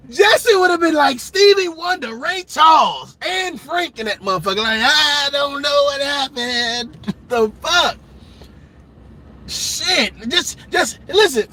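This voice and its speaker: A man doing a loud, profane comedic rant, laughing often and slipping into mock voices. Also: very high voice, slightly rough. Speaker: comedic commentator.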